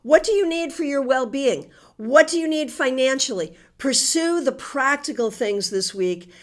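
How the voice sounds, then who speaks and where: A woman's voice: sits high, lively intonation, a little slow. A woman with a New England accent, a tarot reader chatting with her live audience and giving card readings in a friendly, teasing way. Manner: chatty, warm teasing with frequent laughter.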